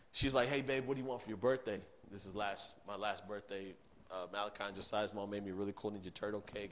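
Casting: man in his thirties, youth pastor at the pulpit, earnest storyteller, loud then hushed. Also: fairly low pitch, slight background noise. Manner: earnest storytelling, swinging between loud emphasis and hushed tones. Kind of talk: sermon.

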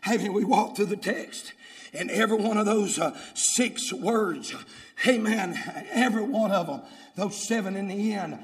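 A man preaching a sermon, in call-and-response style, swinging from murmured lines to shouted ones. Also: high-pitched, moderate pace. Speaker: pastor. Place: church sanctuary. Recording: echoey hall with faint noise.

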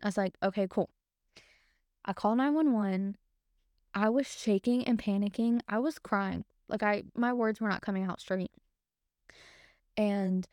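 Smooth-voiced woman telling an emotional story. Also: mid-range voice, darkish tone, no room sound, studio quality. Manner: emotional, retelling a frightening night. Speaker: podcast co-host. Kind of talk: casual storytelling.

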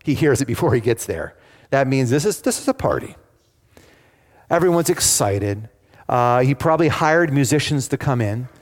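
A man's voice: mid-range voice, lively intonation, normal speed. A man preaching a sermon, engaging the congregation with questions and emphatic retellings. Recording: long hall reverb.

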